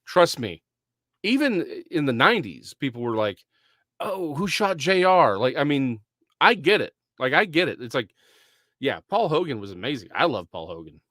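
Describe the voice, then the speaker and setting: A man's voice: medium pitch, sing-song, moderate pace, a bit bright, no echo, studio quality. Laid-back Texan man chatting. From Dallas, Texas. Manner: easygoing, chatty, with many fillers. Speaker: podcast co-host. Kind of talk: casual podcast chat.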